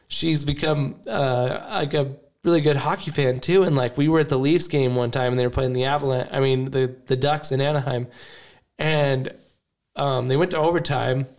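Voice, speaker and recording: A man's voice: fairly high pitch, a little mellow. A man hosting a hockey podcast, talking in a casual, rambling and emotional way, often laughing. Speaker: podcast host. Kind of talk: casual chat.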